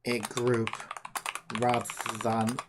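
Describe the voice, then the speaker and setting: A woman's voice: rumbling low, completely flat delivery, slow pace, noisy background. A woman streaming while she codes a game, chatting casually, exasperated and scolding an AI chatbot with sarcastic swearing. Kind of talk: casual livestream chat while coding.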